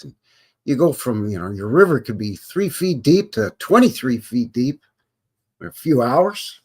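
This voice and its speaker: Husky guy from alberta doing a live stream, lively up and down voice, folksy howdy-y'all chatter. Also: medium pitch. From Alberta, Canada. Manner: folksy cowboy talk, greets chatters warmly. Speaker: livestream host. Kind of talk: casual live-stream chat.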